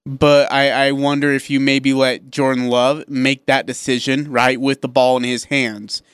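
A man's voice: mid-range voice, little pitch movement, a little slow, a bit bright, smooth, no echo. A man co-hosting a sports talk radio show in a studio, joking and laughing easily as he talks.

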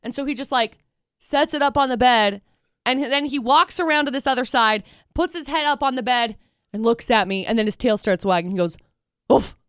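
High-voiced woman telling a lively story. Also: a little fast, clean tone, dry recording, clean studio sound. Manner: animated storytelling, acts out voices. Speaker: radio co-host. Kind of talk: casual after-show chat.

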